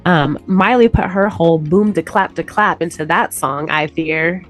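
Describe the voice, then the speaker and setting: A woman with a fairly low voice co-hosts a relaxed podcast conversation. She talks in a chatty, easygoing way and laughs readily. Faint music plays softly behind her. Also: normal speed. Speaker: podcast co-host. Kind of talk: casual chat.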